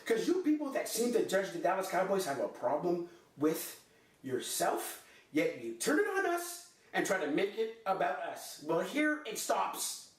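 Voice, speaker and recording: A sports podcast host launches into an impassioned, theatrical comedic rant at a measured pace, his pitch swooping wildly between low growls and high outbursts. He sounds far from the mic in an echoey room.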